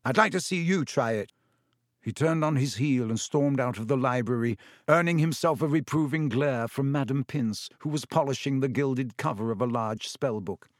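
A male narrator with a mid-range voice reads a novel aloud, keeping his delivery even and measured. The audio is clean studio sound without any echo.

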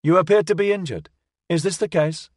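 Brief: a man voicing a high, quick, piping robot snake, proud and precise, for an audiobook. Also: no echo, clean studio sound. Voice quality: piping, rapid.

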